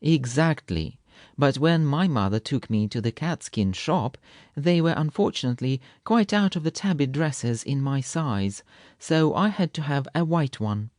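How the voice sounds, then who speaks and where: A man's voice: mid-range voice, animated, measured pace, darkish tone, dry recording, studio quality, lightly acted. A man voicing a proud, touchy male kitten who spins a tall tale with fanciful, indignant flair. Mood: teasing, indignant.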